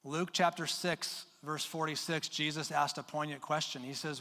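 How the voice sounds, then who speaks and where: Earnest pastor preaching in a reverberant hall. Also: male voice, a little high, level tone, sharp tone. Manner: earnest, urging, with emphatic pauses and repeated words. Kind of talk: sermon. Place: church sanctuary with long reverb.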